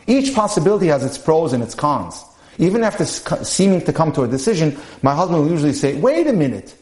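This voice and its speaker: A man with a slightly high voice reads relationship case studies aloud for a podcast. He keeps a steady, measured pace and now and then turns to address his listeners directly. The room around him has a noticeable echo. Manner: measured reading with asides to listeners. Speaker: podcast speaker on dating and marriage.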